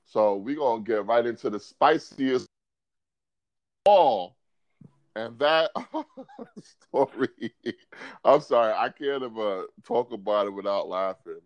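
A man hosting a casual podcast, animated and quick to laugh, his voice jumping high when he gets excited. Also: no room sound, highs cut off. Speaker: podcast host.

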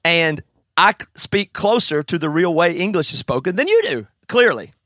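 Podcast guest: opinionated South Carolina Southern man, bright, higher-pitched voice. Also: very animated, moderate pace, no room sound, clean studio sound. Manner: opinionated, ranting. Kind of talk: casual chat.

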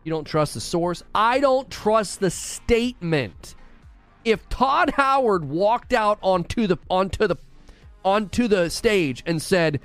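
A man's voice: sits high, expressive, takes it slowly, a bit bright, clean tone, no echo, soft background music. A man streaming live, reading chat aloud and arguing back in a skeptical, argumentative way, often repeating words as he talks.

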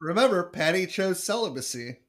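A man's voice: sits high, sing-song, normal speed, a bit bright. A man co-hosting a podcast, walking through an episode's plot in casual chat with dry joking asides. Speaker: podcast co-host.

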